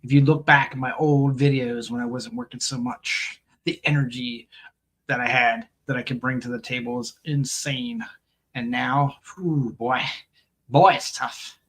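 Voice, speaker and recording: A man's voice: mid-range voice, a little slow, a bit bright. A man hosting a live coin stream, rambling and joking casually while reading viewer comments aloud and laughing often. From United States.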